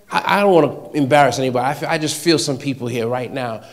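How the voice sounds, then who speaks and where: A man preaching a sermon to a congregation, emphatic and repetitive, swinging between quiet, intimate lines and loud declarations. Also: medium pitch, fast talker, hardly any pauses.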